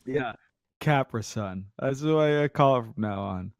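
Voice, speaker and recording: A man's voice: medium pitch, normal speed, creaky, no room sound, clean studio sound. A man co-hosting a casual gaming podcast, telling stories with a lot of swearing and mocking voices, sounding sick. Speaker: podcast co-host.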